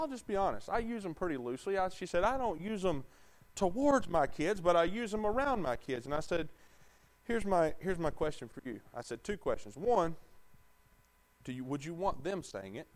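A man preaching a conversational sermon in a church, asking the congregation rhetorical questions. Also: on the high side.

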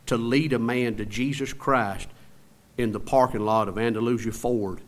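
A man preaching a sermon as pastor. He swings between loud emphatic passages and hushed, drawn-out low phrases, and keeps asking the congregation rhetorical questions. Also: steady tone.

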